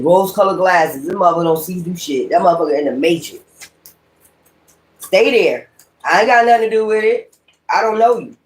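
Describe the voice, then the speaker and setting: A woman giving a spoken tarot reading in a blunt, profane, ranting manner. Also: on the low side. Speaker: tarot reader. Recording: echoey room.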